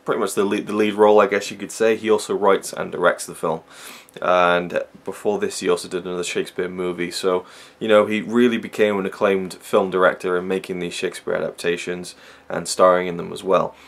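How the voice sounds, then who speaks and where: A man's voice: deep voice, little pitch movement, fairly quick, creaky, few pauses. A man giving a casual, rambling film review, full of fillers and restarts.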